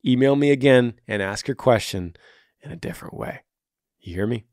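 A man's voice: mid-range voice, normal speed, darkish tone, dry recording, clean studio sound. Earnest man with a tired voice. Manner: earnest, brotherly, pushing the listener. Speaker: podcast host. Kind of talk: casual advice chat.

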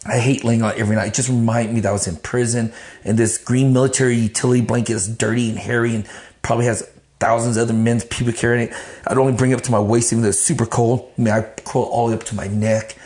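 A man telling his life story in an interview, blunt and animated, swearing freely. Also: medium pitch, fast. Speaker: interview guest. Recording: roomy echo.

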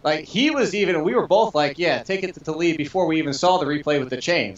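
Brief: quick, slightly high male sports talker, far from a dull, roomy mic. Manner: fast, chatty, laughs through stories. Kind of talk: casual sports talk.

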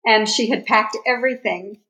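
A woman speaks in an easy, calm conversational tone. She often chimes in to complete the thoughts of the people around her. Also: on the high side, moderate pace, low-quality recording. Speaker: co-author guest. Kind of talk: casual conversation.

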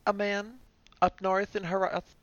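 A man's voice: high voice, little pitch movement, measured pace, a bit bright, dry recording, muffled recording. A man voicing a guarded young woman thief who answers with hesitant, dry evasions.

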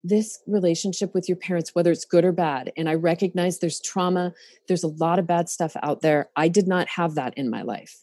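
A middle-aged woman talking casually on a podcast. Her voice is mellow and lowish, close and dry on the mic. She speaks openly and emotionally, full of fillers and restarts. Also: brisk, no echo. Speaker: therapist.

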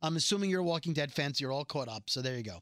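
A man hosting a casual podcast from a radio studio, telling stories in a lively, chatty way. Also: fairly high pitch, fast talker, no room sound. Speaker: radio morning-show host, podcast host.

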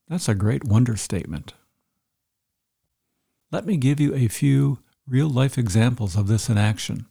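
Middle-aged male coach, mellow and gravelly, earnest and explanatory. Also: medium pitch, normal speed. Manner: earnest, explanatory, repeats key points. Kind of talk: instructional talk.

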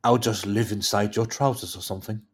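A man's voice: fairly low pitch, steady tone, a little fast, husky. A man putting on a posh upper-class English accent to voice a lovesick aristocrat, in a hammed-up, amused way. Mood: amorous.

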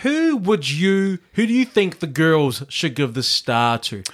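A man co-hosting a casual podcast chat, animated and laughing often. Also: on the high side, measured pace. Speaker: podcast co-host.

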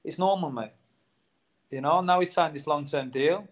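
A former footballer talking casually in an interview, earnest and warm toward the players, tacking "mate" onto his sentences. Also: fairly high pitch, normal speed. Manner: earnest, says "mate" a lot.

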